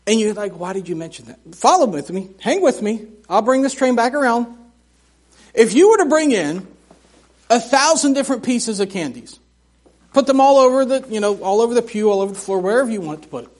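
A middle-aged man preaching a sermon in a church, telling folksy, humorous stories in an animated way. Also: very high-pitched, fairly quick. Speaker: missionary preacher. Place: church sanctuary.

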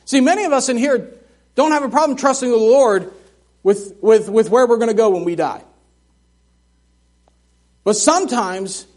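Male preacher, middle-aged, very high voice, folksy and animated, sermon in a church. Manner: folksy, animated storytelling with humor. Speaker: missionary preacher. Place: church sanctuary.

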